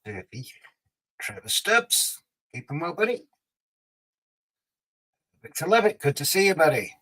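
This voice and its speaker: A man's voice: fairly high pitch, big pitch swings, unhurried, bright, forceful tone, low-quality recording. A man hosting a casual livestream, reading out viewer comments and teasing them in a chatty way. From Scotland. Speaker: livestream host.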